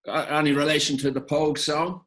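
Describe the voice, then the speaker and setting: A man's voice: on the high side, flat delivery, a little fast, fairly bright tone. Hesitant male interviewer. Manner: hesitant questions with fillers and repeats. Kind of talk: festival Q&A interview.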